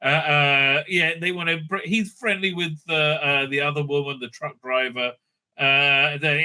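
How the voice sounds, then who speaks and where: A man rambles through a reality show recap, crude, mocking and full of fillers. His voice sits a little high and sounds very bright and sharp. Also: steady tone, a little slow, smooth. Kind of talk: casual recap commentary. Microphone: streaming setup mic.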